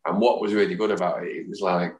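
A man in his fifties, a guest telling rambling, lively anecdotes and mimicking the people in them. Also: sits low, quick pace. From Manchester, England. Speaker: podcast guest, football fan. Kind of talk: anecdotal storytelling. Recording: roomy echo.

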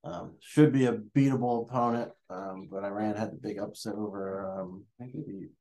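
A man with a fairly low voice, talking casually. He hedges a lot, filling pauses with ums and you-knows as he works out what to say. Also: warm tone. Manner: hesitant, lots of ums and hedging. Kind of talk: casual chat.

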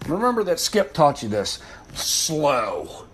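A man's voice: fairly high pitch, huge pitch swings, slow, fairly bright tone, husky. Foul-mouthed, rambling man teaching. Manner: profane, rambling, blunt. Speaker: fire service instructor. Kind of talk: informal spoken lesson.

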